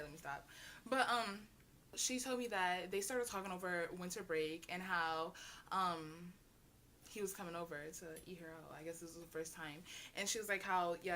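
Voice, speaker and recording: A young adult woman telling a storytime vlog in a chatty, slangy, animated way, bursting into shrieks. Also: lowish voice, slight background noise. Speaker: vlogger.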